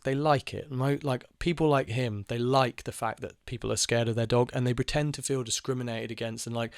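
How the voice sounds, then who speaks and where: A man's voice: mid-range voice, steady tone, brisk, no room sound, studio quality. A young man telling a personal story in a casual monologue, rambling and frank, with lots of fillers, restarts and swearing. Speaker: channel host telling personal stories.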